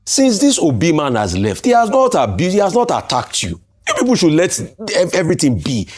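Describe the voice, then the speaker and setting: A Nigerian-accented man making his case on a political talk show, pressing point after point with rhetorical questions. His voice sits a little high for a man and swings widely in pitch as he argues. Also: darkish tone, husky. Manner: emphatic, argumentative, rhetorical questions. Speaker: political commentator.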